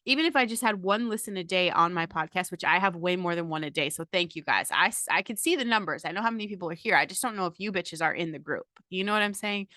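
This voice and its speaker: Middle-aged lady hosting her pod, kinda low voice, swears a lot, chatty w lots of ums. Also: fast talker, few pauses, pushed and bright, no room sound, studio quality. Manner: blunt and profane, chatty with many fillers. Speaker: podcast host. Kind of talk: casual motivational monologue.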